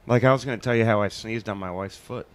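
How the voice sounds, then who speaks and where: A man's voice: on the low side, quick pace. A man hosting a live web show, joking and rambling in casual chat. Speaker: host.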